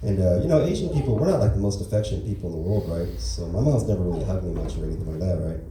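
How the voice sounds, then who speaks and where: A man doing a rambling, deadpan stand-up set at an open mic, full of fillers. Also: sits low, racing, noisy background. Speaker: stand-up comedian. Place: comedy club open mic. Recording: echoey room from far off.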